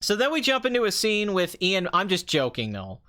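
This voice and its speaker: A man's voice: high voice, huge pitch swings, normal speed, bright, forceful tone. A young man hosting a casual movie review talk, ranting sarcastically with mocking asides. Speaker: movie review podcast host.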